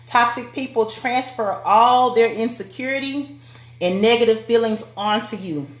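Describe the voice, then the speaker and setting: Speaking at a moderate pace in a voice on the high side, a woman delivers a motivational live-stream talk to women. Her style is direct and sermon-like as she addresses viewers, all in an echoey room.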